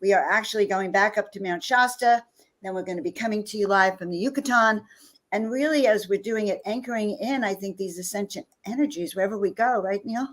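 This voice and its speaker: A woman's voice: mid-range voice, fairly quick. A woman co-hosting a live stream, introducing guests and greeting viewers with enthusiasm. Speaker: co-host.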